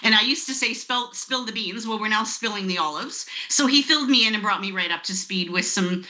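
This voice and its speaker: A woman in her fifties, a network marketing guest, telling a lively story with laughs over a video call. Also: medium pitch, fast.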